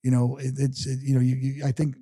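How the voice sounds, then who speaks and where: A middle-aged man recounts his life story in an unhurried interview, stumbling through restarts and fillers as he goes. His voice is mellow and warm, and the recording is close and dry, with no room sound. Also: mid-range voice, completely flat delivery, no echo. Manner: halting, many restarts and fillers. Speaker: interview guest. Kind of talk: casual personal storytelling.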